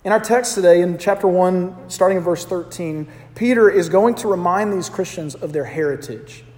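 This man's voice sits high and a little mellow, moving at a normal speed. He's a pastor in his thirties from the American South whose Southern accent shapes a conversational sermon full of congregation call-outs, recorded in an echoey hall.

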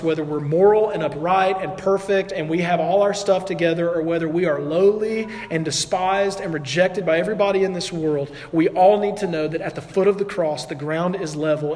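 A man's voice: a little high, normal speed, few pauses, a little mellow, in a large hall. A man preaching a sermon to his congregation in a conversational way, sometimes acting out the voices of people in the story. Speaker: pastor.

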